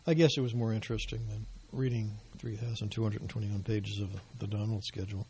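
A man giving financial market commentary in a measured, explanatory way, his voice going hoarse. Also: lowish voice, fairly even intonation, noisy background. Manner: measured, explanatory, with dry asides. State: losing his voice.

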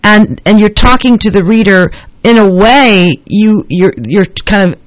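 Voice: mid-range voice, expressive, unhurried, dry recording. A talk show host interviewing a call-in guest in a rambling, encouraging way with many fillers.

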